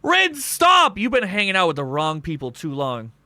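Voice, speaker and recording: A man hosting a livestream, chatting casually with viewers. He jokes, swears often and breaks into sudden shouts. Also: on the high side, brisk, dry recording. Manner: excitable, joking, swears a lot, bursts into shouts. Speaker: streamer host of a wrestling show.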